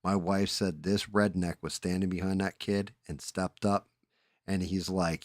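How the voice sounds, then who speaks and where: A man's voice: low-pitched, flat delivery, a little slow, dry recording, clean studio sound. A man from the Northeastern United States telling rambling stories in casual chat, full of fillers and swearing. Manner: rambling anecdotes with fillers and profanity.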